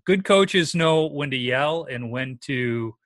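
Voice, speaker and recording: A man's voice: on the high side, animated, slow pace, fairly bright tone. A man hosting a casual interview, easygoing, asking questions and sharing his own stories. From Minnesota. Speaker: podcast host interviewing a guest.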